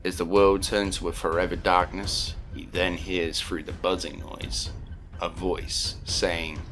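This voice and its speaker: A man with a low, deep voice narrating a fan audiobook, telling the story in a steady, earnest way. Clear music plays behind him throughout. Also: a little slow.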